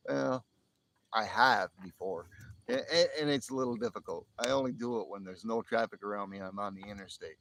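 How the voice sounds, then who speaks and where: A man's voice: on the low side, fairly quick, fairly bright tone, poor audio. A man from the northern United States near the Canadian border, rambling casually on his live stream and chuckling as he talks. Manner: rambling, chuckles often, restarts sentences. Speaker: livestream host.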